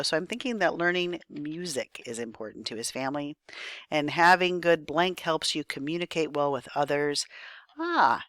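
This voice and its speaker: A woman's voice: sits low, a bit bright, no room sound, studio quality. A woman teacher giving a recorded spelling lesson, thinking aloud patiently and checking in with her students.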